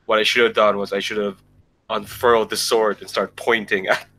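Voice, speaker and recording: A man playing a tabletop game, talking in a halting way with stammered starts. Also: lowish voice, flat delivery, pushed and bright, rough recording. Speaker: player. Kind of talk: casual tabletop play.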